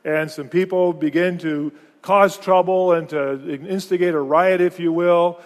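In a sermon to his congregation, a pastor with a somewhat high voice speaks earnestly, stumbling back over words and restarting phrases. His tone is steady and his pace unhurried. A long reverb makes his voice ring out as if in a large church hall.

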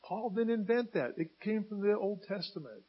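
A man preaching with a high, husky voice that swells into loud, emphatic bursts. The sound is dull and lo-fi, like a modest church recording. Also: lively intonation, normal speed. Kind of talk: sermon.

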